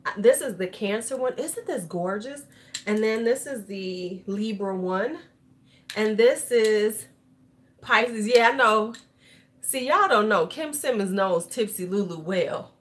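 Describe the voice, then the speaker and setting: Slightly tipsy woman chatting on a makeup livestream, loose and loud, cusses a lot. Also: mid-range voice, lively intonation, takes it slowly, slight background noise. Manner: tipsy, loud and chatty, swears freely, laughs often. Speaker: beauty YouTuber. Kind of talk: casual livestream chat.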